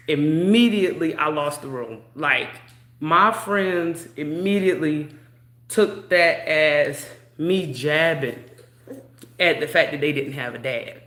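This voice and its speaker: A woman's voice: deep voice, a bit bright. Chatty woman telling a story, roomy echo. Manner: chatty, drawn-out, full of "you know". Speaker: vlogger. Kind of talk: casual storytelling. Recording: echoey room.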